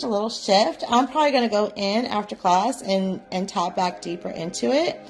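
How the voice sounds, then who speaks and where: A woman teaching a live psychic development class, guiding listeners gently and often checking in with "right?". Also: medium pitch, normal speed, soft background music. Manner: gentle, coaxing, repeats "right?". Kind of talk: guided live class instruction.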